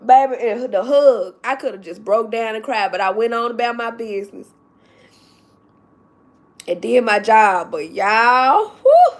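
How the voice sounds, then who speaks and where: A woman's voice: a little high, big pitch swings, measured pace. A woman vlogger telling a story to her viewers, tearful and laughing through tears. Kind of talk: emotional story time to viewers.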